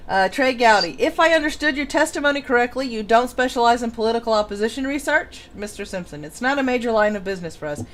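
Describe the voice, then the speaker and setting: A woman's voice: on the high side, animated, fast, few pauses. A woman hosting a casual chat stream, reading testimony aloud with sarcastic asides and frequent laughter. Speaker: podcast host.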